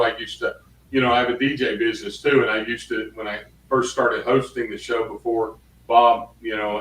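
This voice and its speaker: A man who hosts the show and portrays Santa, talking in a relaxed, hesitant way. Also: mid-range voice. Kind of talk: casual studio chat. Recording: roomy sound, distant from mic.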